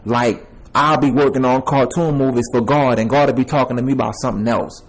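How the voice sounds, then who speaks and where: A man's voice: medium pitch, fairly even intonation, a little fast, low-quality recording. A young man giving a repetitive, emphatic personal testimony, addressing viewers as y'all and man. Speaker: self-made video preacher.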